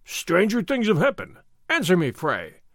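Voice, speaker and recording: A man voicing a loud, bullying soldier sergeant who blusters and threatens, in an audiobook reading. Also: high voice, huge pitch swings, moderate pace, no echo, clean studio sound, exaggerated voice.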